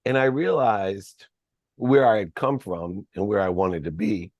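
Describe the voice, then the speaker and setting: Low-voiced man telling his life story. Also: a little slow, a little mellow, dry recording. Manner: earnest, reflective storytelling. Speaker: podcast guest. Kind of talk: personal storytelling.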